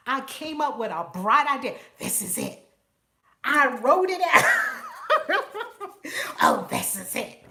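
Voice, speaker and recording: A woman hosts a casual live stream as a spiritual teacher, and her voice sounds bright and forceful. She talks with animation and laughs often. She calls out to viewers in the chat by name. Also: on the high side.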